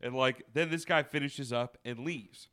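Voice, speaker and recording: A man's voice: medium pitch, normal speed. A man telling a story in casual podcast chat, swearing freely and piling on fillers. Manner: profane, animated storytelling with lots of fillers.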